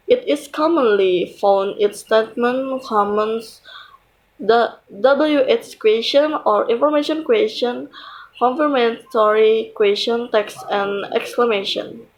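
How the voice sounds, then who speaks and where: A young woman, a student slowly and carefully reading a prepared class presentation, pausing between phrases. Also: fairly high pitch, rough recording. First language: Indonesian.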